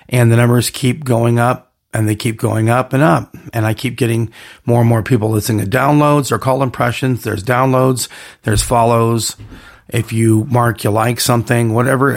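Gravelly-voiced man hosting a solo podcast. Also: medium pitch. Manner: rambling, hyped slogan-heavy delivery. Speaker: podcast host.

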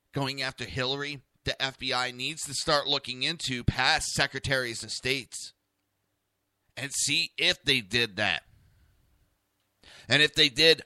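A man's voice: mid-range voice, pushed and bright, no echo, clean studio sound. A man with a New Jersey accent hosting a talk radio show, ranting bluntly and cursing freely. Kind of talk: opinionated talk radio rant.

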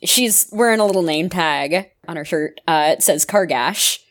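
A woman's voice: on the low side, normal speed. A woman player in a tabletop role-playing game, giggly and hesitant. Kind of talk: tabletop role-play chat.

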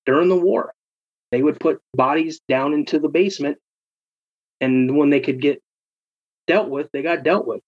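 Guy telling a creepy dorm story, husky and kinda high, muffled lo-fi sound. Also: normal speed, pauses often. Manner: animated, acts out quoted friends. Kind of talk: casual personal storytelling. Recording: dull lo-fi recording.

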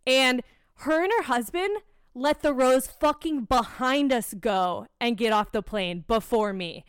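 A woman's voice: a little high, a little slow, smooth, dry recording, studio quality. A young American woman, co-hosting a podcast, tells a heated, profane story in casual chat. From United States. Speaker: podcast co-host.

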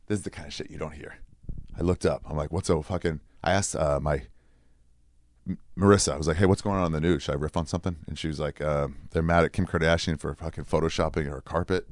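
A man's voice: very deep voice, steady tone, fast, long pauses, dry recording. A man in his forties, a comedian delivering a rambling, profane, sarcastic monologue.

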